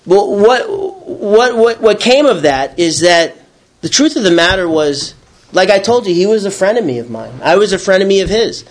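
A man telling a personal story about his recovery. He rambles, restarts and repeats words, and acts out his own past shouting. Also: high-pitched, lively intonation, moderate pace.

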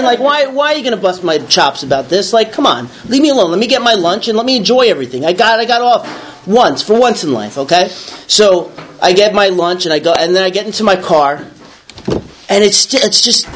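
A man's voice: sits high, a little fast, slight background noise. A man from the Bronx telling a personal story to listeners, acting out the voices in his head. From the Bronx, New York. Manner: animated, acts out his own inner voice. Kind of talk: storytelling to a small audience.

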